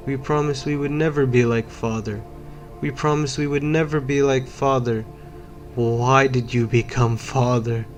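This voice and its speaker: Ghostly crying boy read by a man, slow and repetitive, flat low voice for a storybook. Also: natural voice. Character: crying ghostly little boy, wounded and accusing.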